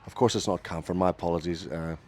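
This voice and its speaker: Deep-voiced man calling cricket on radio. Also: fast talker, slight background noise. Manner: lively ball-by-ball calling, corrects himself. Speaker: lead radio commentator. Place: radio commentary booth.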